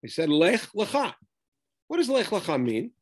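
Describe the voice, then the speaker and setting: A man's voice: high voice, sing-song, moderate pace, a little mellow. A man teaching a Bible text study, reading Hebrew verses aloud and then explaining them with emphasis.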